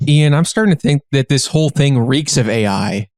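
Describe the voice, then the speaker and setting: A man's voice: mid-range voice, expressive, moderate pace, a little mellow, no room sound, studio quality. A man co-hosting a comedy podcast, playing along in an improvised role-play with stammering restarts. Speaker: podcast co-host.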